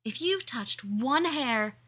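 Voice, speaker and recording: Lady reading out a tough blunt teen girl, defiant, highish and breathy. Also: animated, takes it slowly, fairly bright tone, full character voice. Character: blunt tough teenage girl monster fighter.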